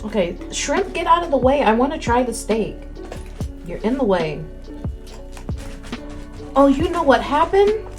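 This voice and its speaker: A woman's voice: high-pitched, sing-song, unhurried, long pauses. A woman streamer in casual chat, eating as she talks, chewing between words and speaking candidly into a close mic. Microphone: close desk mic. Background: faint music.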